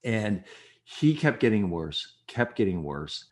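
A man telling a personal story in an interview, earnest, and quick and agitated when reliving tense moments. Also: fairly low pitch, sing-song. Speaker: guest recounting a personal experience.

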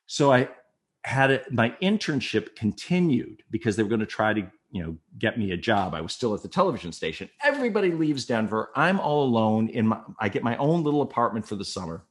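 Animated man swinging soft to loud. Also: medium pitch, fairly quick. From Minnesota. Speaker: guest telling a personal story. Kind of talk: emotional personal storytelling.

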